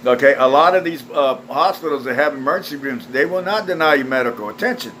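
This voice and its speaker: A man's voice: medium pitch, animated, quick pace, sharp tone, a little hiss or hum, poor audio. A man delivering a blunt, foul-mouthed, scornful rant straight to camera. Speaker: video ranter. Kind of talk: angry profane rant.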